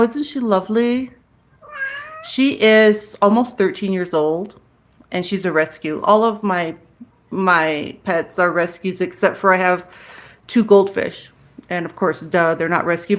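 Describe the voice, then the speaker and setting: A woman at a middle pitch chats at a slow, easy pace with her livestream audience. She reads out viewer comments and answers them in a frank, casual way, dropping the odd curse word. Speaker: livestream host chatting with viewers. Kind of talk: casual live-chat talk.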